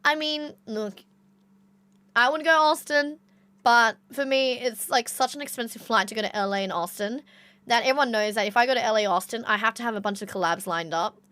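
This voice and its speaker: A young Australian woman with an Australian accent livestreams, chatting casually with her audience and laughing often. Her voice is a little high and a little fast, with a sharp tone and no echo.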